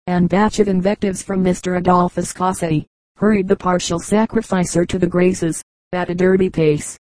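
A woman reading a classic novel aloud as an audiobook narrator, in a steady, even reading voice. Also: on the low side, dry recording, poor audio. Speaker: audiobook reader. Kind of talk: scripted narration.

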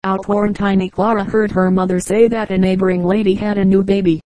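A woman narrates short comic anecdotes in an even, measured storytelling way. Her voice is mellow and warm. The recording is dry and close, with no room sound around her. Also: medium pitch, no room sound, low-quality recording. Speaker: audiobook reader. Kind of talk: scripted narration of humorous anecdotes.

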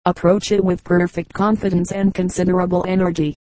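An audiobook reader giving a measured, even narration of a travel memoir. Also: medium pitch, no echo, rough recording.

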